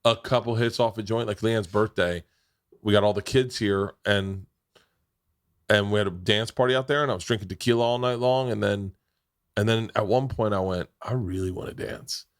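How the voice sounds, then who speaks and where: A man's voice: lowish voice, moderate pace. A man hosting a casual chat, telling a profane story with lots of restarts.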